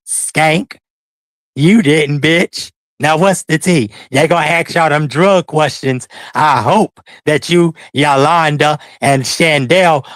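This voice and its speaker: A man's voice: fairly high pitch, a bit bright, dry recording. A man streaming commentary, who rants at someone and taunts them with profanity. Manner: profane, taunting, confrontational ranting. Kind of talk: livestream commentary.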